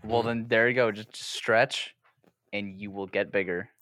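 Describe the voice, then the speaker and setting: A man co-hosting a podcast, giving deadpan mock advice in casual banter. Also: lowish voice, moderate pace, no echo, clean studio sound. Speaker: podcast co-host. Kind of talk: casual joking chat.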